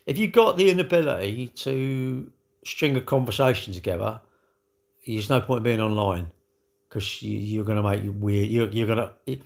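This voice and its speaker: A man's voice: on the low side, vocal fry. A British man chatting casually on a livestream, rambling animatedly with slang as he answers viewers' comments. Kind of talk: casual live-stream chat.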